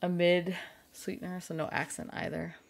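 A woman's voice: fairly low pitch, flat delivery, normal speed, creaky. A woman chatting casually and joking crudely with her chat while she streams a game. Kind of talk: casual live-stream commentary.

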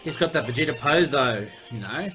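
A young man giving gameplay commentary as a let's play host, excitable and profane, often yelling at the game. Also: medium pitch, a little fast, soft background music.

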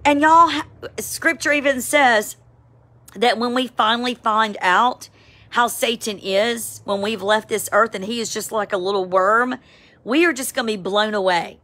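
A woman, giving a casual, emphatic spoken devotional, with sudden excited high cries. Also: a little slow. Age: 50s. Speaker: Christian devotional vlogger. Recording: home, with a siren outside.

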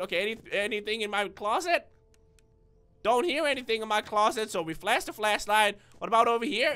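A man's voice: extremely high pitch, pushed and bright. A man giving let's-play commentary, nervous and stuttering, who bursts into screams when startled. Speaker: gaming video creator.

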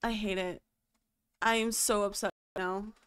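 A woman's voice: mid-range voice, steady tone, unhurried, fairly bright tone, clean tone. A young adult woman streaming a game, ranting in exasperation and swearing often in casual chat. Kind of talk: casual live-stream venting.

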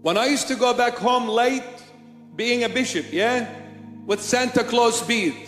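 A man's voice: very high-pitched, unhurried, a bit bright. A man preaching a sermon as a bishop in a church, emphatic and repetitive in his rhetoric. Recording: echoey church hall with faint music.

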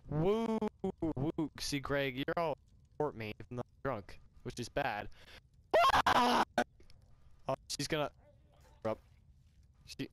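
A young man with a mid-range, fairly bright, clean voice plays a game and reads its dialogue aloud, adding casual, sweary commentary. He laughs, swears, and puts on voices for the characters like a typical let's player, recorded on a glitchy home mic.

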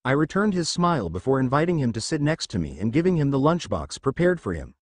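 A man narrating a fan fiction story aloud in a steady storytelling manner, close to the mic. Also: medium pitch, no room sound.

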